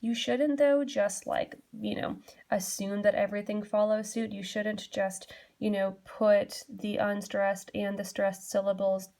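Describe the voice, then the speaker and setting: A woman's voice: medium pitch, steady tone, unhurried, darkish tone. A young adult woman teacher giving a classroom lesson, explaining patiently and steadily with frequent fillers. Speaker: English teacher.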